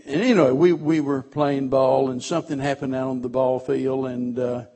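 A man preaching a sermon as pastor, telling personal stories and swinging between loud emphasis and hushed, quiet passages. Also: mid-range voice, steady tone, moderate pace.

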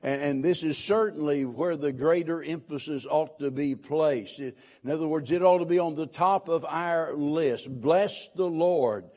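A man preaching a sermon from the pulpit, quoting scripture and stressing its words in a deliberate, earnest delivery. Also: a little high, darkish tone. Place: church.

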